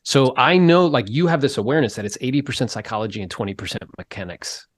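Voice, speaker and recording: A male podcast host in easygoing conversation, lively and emphatic, jumping higher in pitch to drive each point home. His voice sits at an ordinary middle pitch and sounds dry and close, with no room around it. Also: fast talker, no room sound. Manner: animated and emphatic, swinging pitch up for stress. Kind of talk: casual interview conversation.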